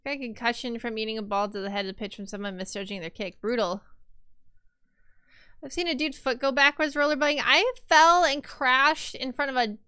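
A young woman chats casually on a live stream, laughing easily and greeting viewers as they arrive. Her voice is bright, smooth and a little high. It is recorded close up in a dry home room. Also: fairly even intonation, a little fast, dry recording. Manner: chatty, laughs often, greets viewers warmly. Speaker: VTuber streamer.

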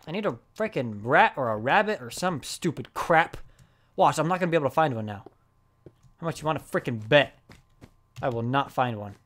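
A woman hosting a let's play, giving excitable, frustrated gameplay commentary and yelling at the game. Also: a bass voice, brisk.

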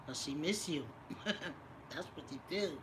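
A woman's voice: low voice, expressive, takes it slowly, noisy background. A middle-aged woman live-streaming a casual vlog, chatting and teasing while she reads viewer comments aloud. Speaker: lifestyle vlogger doing a live stream.

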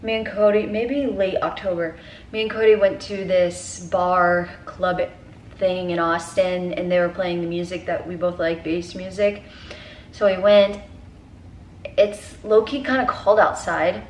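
A woman's voice: lowish voice, steady tone, unhurried, slight background noise. A young woman in a casual vlog, talking to herself as she gets ready, rambling and cursing freely. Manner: chatty, rambling, swears freely. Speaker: vlogger. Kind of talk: casual vlog self-talk. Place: at home, indoors. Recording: roomy indoor sound.

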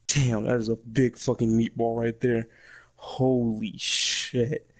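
A man's voice: medium pitch, flat delivery, slow pace. A man giving casual gameplay commentary while in pain from a leg cramp, swearing and groaning to a friend. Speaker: gaming streamer.

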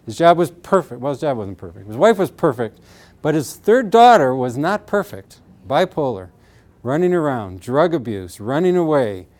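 A man's voice: mid-range voice, a little mellow. A middle-aged man talking about treating pain, earnest and explanatory, often acting out what his patients said with strong feeling. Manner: earnest, re-enacts patients' words with emotion. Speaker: pain therapist. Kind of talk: explanatory talk with acted patient quotes.

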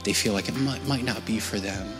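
A man preaching a storytelling sermon as a pastor. He speaks conversationally, keeps checking in with his listeners, and sinks to a soft, hushed voice at tender points. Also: lowish voice, a little fast, over music. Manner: conversational, often checking in with "right?" and "okay?". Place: church service.

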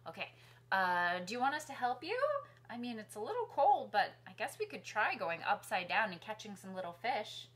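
A woman hosting a children's music class from her living room, singing nursery songs and talking gently to young kids. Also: medium pitch, big pitch swings, moderate pace. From New York City. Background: guitar accompaniment.

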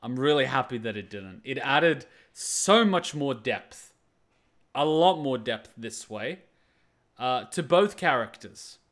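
A man's voice: mid-range voice, animated, slow pace, fairly bright tone. A man hosting a reaction video, talking casually and earnestly about an episode in short repeated phrases.

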